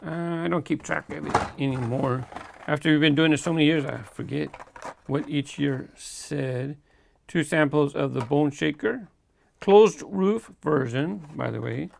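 Gravelly-voiced man chatting through an unboxing. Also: on the high side, a little slow, slight background noise. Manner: chatty, easygoing, chuckles between remarks. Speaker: toy car collector host. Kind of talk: casual unboxing commentary.

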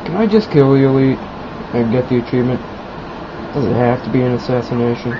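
A man's voice: mid-range voice, fairly quick. A young man giving casual, mock-serious commentary over his own video game play. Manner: mock-serious, then loud and giddy. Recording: lo-fi, noisy home recording.

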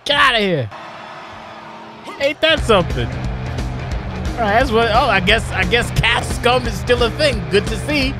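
A man hosting a live stream and calling a wrestling video game match play by play, animated and jokey, shouting at the big moves. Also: high voice, measured pace, pauses often, soft background music, some chatter behind. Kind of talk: excitable play-by-play game commentary.

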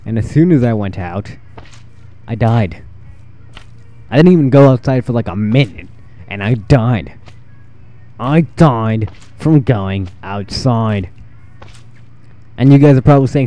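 Rambling, jokey man with a mellow low voice. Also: lively intonation, a little slow, pauses often. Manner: rambling, jokey, jumpy reactions. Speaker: gaming channel host. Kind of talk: casual gameplay commentary.

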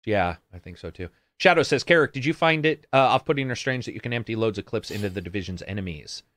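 A man's voice: on the low side, animated, quick pace, fairly bright tone, no echo, studio quality. A man co-hosting a casual gaming chat show, reading viewer comments aloud and answering in a rambling, sarcastic way with plenty of swearing.

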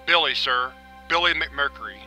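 A man's voice: medium pitch, unhurried, soft background music, rough recording. A man doing a gee-whiz teenage space cadet boy. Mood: eager. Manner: gee-whiz polite, excitable.

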